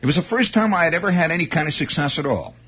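Excitable, high, husky male storyteller. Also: rapid-fire, dull audio. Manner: excitable, stammering restarts, breathless build-up. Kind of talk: comic first-person anecdote.

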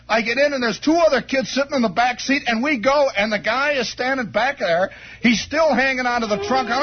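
A man telling a comic first-person story on the radio, animated and full of sound effects and acted-out voices. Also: very high voice, fairly quick, breathy edge. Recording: dull lo-fi old radio broadcast with faint music.

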